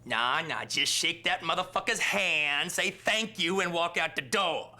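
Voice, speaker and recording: A man's voice: fairly high pitch, animated, unhurried, pushed and bright, exaggerated voice. A man doing a brash, cussing moviegoer. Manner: blunt, profane, mocking. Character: loud, brash man heckling the screen.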